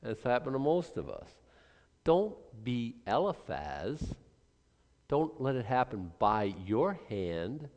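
A man's voice: mid-range voice, sing-song, slow, darkish tone. An older man preaching a sermon, emphatic, acting out quoted voices and restarting his sentences often. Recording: long reverb of a large hall.

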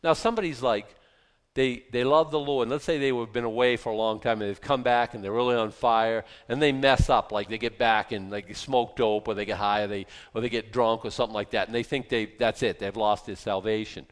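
A man's voice: mid-range voice, fairly even intonation, brisk. A man leading a conversational Bible study, earnest and repeating himself, with frequent fillers and restarts. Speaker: Bible teacher. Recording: long reverb, hall.

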